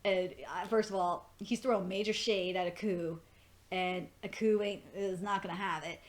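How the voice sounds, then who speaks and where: A woman giving a casual fan review of a TV episode, excitable and gushing, swearing freely, laughing often, and jumping high in pitch when she gets worked up. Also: moderate pace.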